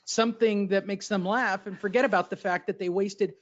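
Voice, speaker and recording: A man with a high voice talks boxing in loose, profane banter, brash and needling. The audio sounds dull and lo-fi. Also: fairly even intonation, a little fast. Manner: brash and crude, needling his co-host. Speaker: boxing podcast co-host. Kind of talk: casual chat.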